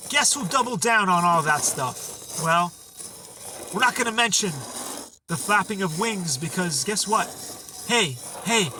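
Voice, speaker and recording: A man's voice: high-pitched, bright, forceful tone, far from the mic, slight background noise, low-quality recording. A man hosting a channel, delivering a heated, sarcastic rant to camera and repeating his points for emphasis. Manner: heated, sarcastic, repetitive ranting. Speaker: channel host.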